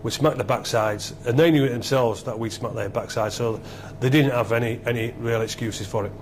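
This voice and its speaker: Guy, middle-aged, excited rambly storyteller, normal pitch, bit of hum behind. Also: fairly quick. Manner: excitable, rambling, repeats himself. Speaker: former rugby league captain, guest. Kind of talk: animated storytelling interview.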